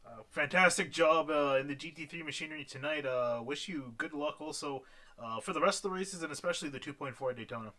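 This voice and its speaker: A man's voice: a little high, fast talker, pushed and bright. A man interviewing drivers after an online race, upbeat, with many fillers and laughs at his own slips.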